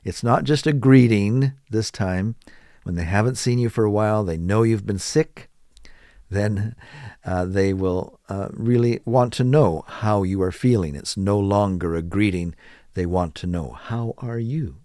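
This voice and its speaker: Male teacher, lowish voice, very slow, stretched-out intonation on model phrases. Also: warm tone, dry recording, clean studio sound. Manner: repeats model phrases slowly with exaggerated rising and falling intonation. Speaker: English teacher. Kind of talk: slow, deliberate spoken English lesson.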